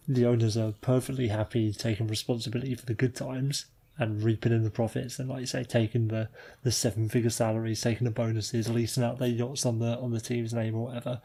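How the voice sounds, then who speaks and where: A British man co-hosting a podcast, swearing freely with a wry, drawn-out delivery. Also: medium pitch, little pitch movement, mellow, breathy edge. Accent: British English. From Britain. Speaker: podcast co-host. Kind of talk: casual chat.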